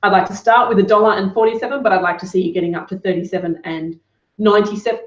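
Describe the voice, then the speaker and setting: A woman's voice: medium pitch, steady tone. Upbeat woman coaching in a roomy, dull recording. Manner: upbeat, quick encouraging feedback. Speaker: online business coach. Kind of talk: live Q&A session.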